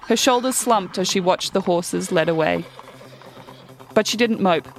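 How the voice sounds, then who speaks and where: A woman reading a children's story aloud in a lively way, acting out the characters' lines. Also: on the low side, measured pace, pauses often, faint music behind.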